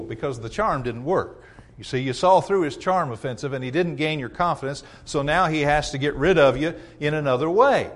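A male pastor preaching a sermon in a conversational, emphatic way, often chuckling and acting out what people say. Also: fairly high pitch.

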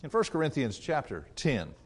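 A man's voice: medium pitch, sing-song, normal speed, husky. A male preacher giving a sermon in an emphatic, conversational way and coming back to the same refrain again and again.

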